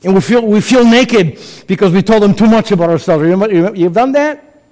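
A man preaching a sermon as pastor, emphatic, with dramatic pauses and acted-out quotes. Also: high-pitched, lively intonation, a little mellow. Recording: long hall reverb.

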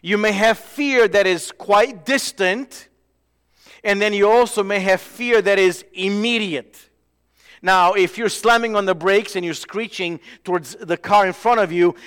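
A man preaching a sermon as pastor, swinging from raised, emphatic lines to hushed, slow ones. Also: high-pitched, smooth, long reverb tail.

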